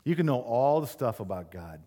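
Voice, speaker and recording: Man preaching a conversational sermon. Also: moderate pace. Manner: conversational preaching, storytelling, rises in pitch when animated. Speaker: pastor.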